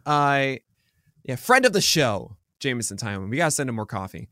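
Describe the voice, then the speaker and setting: Man, podcast co-host, casual rambling, mid pitch, dry close sound. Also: sing-song, moderate pace, bright, forceful tone, no echo. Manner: rambling, many ums and restarts. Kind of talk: casual sports chat.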